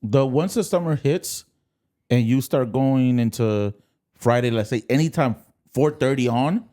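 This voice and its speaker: A man's voice: mid-range voice, unhurried, dark tone. A young man, co-hosting a podcast in easygoing casual chat, laughing often. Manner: laid-back, laughs often, says "word" and "nah". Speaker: podcast co-host.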